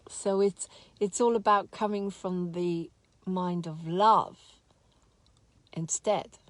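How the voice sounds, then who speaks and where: A woman teaching a spiritual course in a slow, soft, heartfelt way, openly sad as she talks. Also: fairly low pitch, fairly even intonation, no room sound. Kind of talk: reflective spoken talk.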